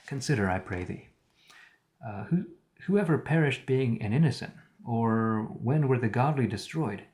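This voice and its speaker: Here a man reads archaic biblical text aloud on a live stream, stopping periodically to explain words in his own terms and add remarks. His pitch is medium and his tone somewhat dark.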